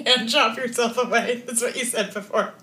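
A woman's voice: fairly high pitch, steady tone, normal speed, bright, forceful tone. A woman co-hosting a podcast in casual chat, teasing and playful, laughing often. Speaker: podcast co-host.

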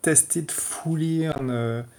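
A man in a casual online tech call, talking haltingly with many restarts. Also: on the high side, a little mellow. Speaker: community contributor.

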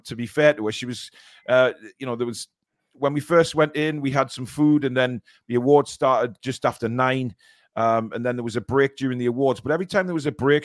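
Hesitant man telling it slowly. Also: medium pitch, no room sound, studio quality. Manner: hesitant, many ums and repeated words. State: sore and shaken. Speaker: co-host of a football fan show. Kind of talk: casual live-stream chat.

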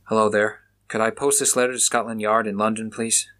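A man voicing a determined male police officer who speaks in brisk, clipped lines. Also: on the low side, level tone, a bit bright, lightly acted.

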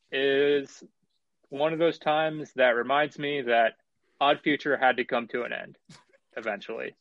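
A man in his twenties co-hosting a podcast, giving his opinions on music in a relaxed, long-winded casual way. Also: medium pitch, measured pace, no room sound, lo-fi sound. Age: 20s. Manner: relaxed, opinionated, talks in long run-on thoughts. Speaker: podcast co-host. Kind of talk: casual music-review chat.

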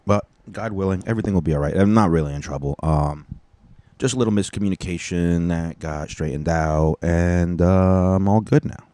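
Deep, mellow-voiced man ranting casually. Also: moderate pace, no room sound. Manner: profane, rambling, self-interrupting. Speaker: stand-up comedian and podcast host. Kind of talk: casual solo rant.

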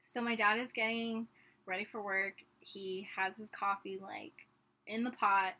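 A woman's voice: mid-range voice, measured pace. A young woman co-hosting a casual chat, telling a funny story with lots of giggling. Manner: giggly, animated anecdote-telling. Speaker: podcast co-host.

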